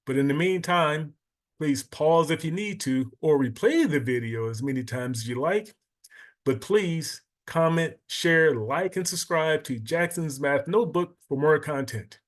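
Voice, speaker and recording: A man's voice: a little high, animated, unhurried. A man teaching a math lesson, patiently explaining and counting items aloud step by step.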